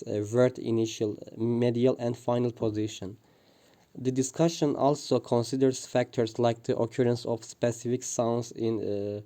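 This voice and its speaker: A man reads a prepared linguistics presentation, pausing often with "uh" and restarting words. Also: mid-range voice, mellow. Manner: hesitant, frequent "uh" fillers and restarts. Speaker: student presenter.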